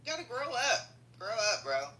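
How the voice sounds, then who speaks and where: A woman telling a profane, slangy comedic story in an animated rant, as a podcast host. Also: on the high side, moderate pace, slight background noise. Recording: roomy echo.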